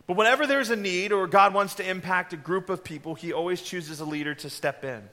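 A man delivers a sermon with earnest directness, now and then slipping into an offhand aside. His voice sits high for a man and rings bright and forceful. He speaks plainly to the people in front of him. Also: fairly quick, hardly any pauses. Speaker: pastor.

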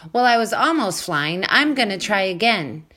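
A woman voicing an eager young gosling with high, squeaky cries. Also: very animated, normal speed, bright, forceful tone. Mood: excited.

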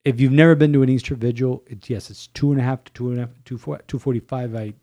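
Animated priest telling stories. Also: male voice, medium pitch, fast talker. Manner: animated storytelling, many restarts. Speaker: priest and podcast co-host. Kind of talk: casual chat.

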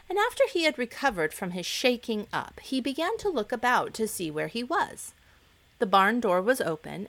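A woman hosting a reading show, narrating a children's story in a gentle, expressive way. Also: medium pitch. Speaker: storybook reader, host.

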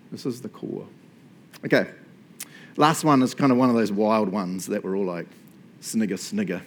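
A middle-aged man with a New Zealand accent, preaching a sermon in a chatty, animated way and laughing often between points. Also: mid-range voice. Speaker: pastor.

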